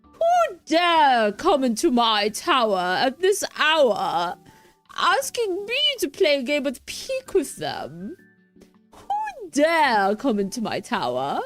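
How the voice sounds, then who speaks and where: A woman voicing a haughty wizard woman guarding her tower, in a put-on British accent, speaking grandly and slowly. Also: high voice, huge pitch swings, soft background music, voice pushed up, heavily acted. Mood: imperious. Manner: grand, theatrical, drawn-out.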